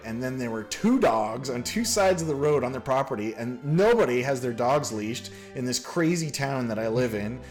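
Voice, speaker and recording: A man from Canada hosting a casual chat, rambling through a story with lots of fillers. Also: medium pitch. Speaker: podcast host.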